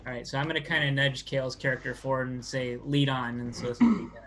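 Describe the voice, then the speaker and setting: A man's voice: medium pitch, fast talker, background noise. A man playing in a tabletop game, trading jokes with the others. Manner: joking banter. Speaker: player. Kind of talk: casual tabletop play.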